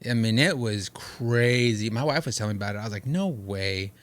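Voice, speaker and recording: A young man co-hosting a podcast, chatting casually and telling animated stories full of slang. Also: medium pitch, quick pace. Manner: animated storytelling, slangy, quotes others in put-on voices. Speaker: podcast co-host. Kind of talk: casual chat.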